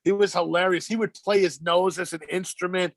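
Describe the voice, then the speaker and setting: A high-voiced middle-aged man, a stand-up comic, rambling through stories over a video call. His voice sounds close and dry, with little room around it. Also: a little fast, no room sound. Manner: rambling storyteller, animated when quoting. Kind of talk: casual chat on a video call.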